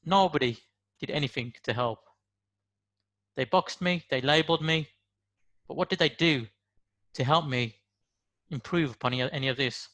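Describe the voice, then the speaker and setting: A man's voice: medium pitch, moderate pace, long pauses, fairly bright tone. A man in his forties from the West Midlands with a Brummie accent, giving an earnest motivational monologue full of rhetorical questions. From West Midlands, England. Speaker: motivational speaker.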